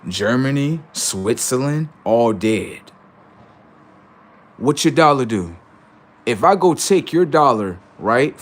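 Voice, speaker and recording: A man hosting a livestream, ranting in a heated, taunting way, swinging between loud jeers and low asides. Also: a little hiss or hum. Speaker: livestream host. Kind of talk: profane livestream rant.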